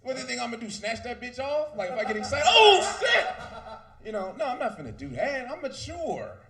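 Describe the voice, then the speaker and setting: Loud, animated stand-up comic in his thirties. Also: extremely high pitch, fast talker, creaky. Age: 30s. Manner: loud, animated, profane delivery. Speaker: stand-up comedian. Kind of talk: stand-up comedy set.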